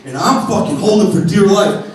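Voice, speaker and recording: A man doing stand-up, telling a long story in an animated way and swearing freely. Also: sits high, moderate pace. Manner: animated, profane. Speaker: stand-up comedian. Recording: echoey room, distant mic.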